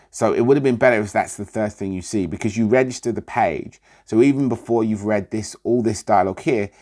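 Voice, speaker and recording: A middle-aged man works through a comic review in a relaxed, rambling way. His voice sits somewhat low, and he trails off, restarts and fills gaps with "um" as he goes. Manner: rambling, many fillers and restarts.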